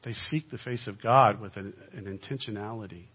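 A man giving a sermon-style talk as a guest speaker, swinging between loud emphasis and quiet asides. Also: lowish voice, a little fast, husky. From United States. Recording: dull lo-fi recording.

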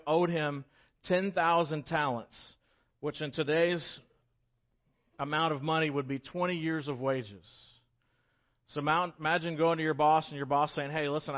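A man preaching a sermon, swinging from loud, urgent pleas to quiet, emphatic pauses. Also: on the high side. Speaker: pastor. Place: church hall. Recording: dull, lo-fi recording.

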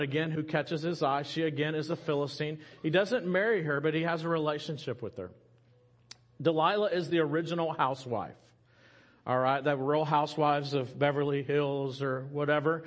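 A man preaches to his congregation in an easygoing, conversational way. His voice sits a little high for a man. He turns a scripture story into a lively tale, with quick asides and jokes along the way. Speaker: pastor. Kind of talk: sermon retelling a scripture story.

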